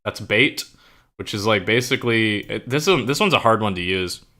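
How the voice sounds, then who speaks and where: A young streamer and writer chats casually while he writes, his voice on the low side but animated, brisk, bright and forceful. He's loose and profane, says "like" and "bro" constantly, and eagerly explains slang.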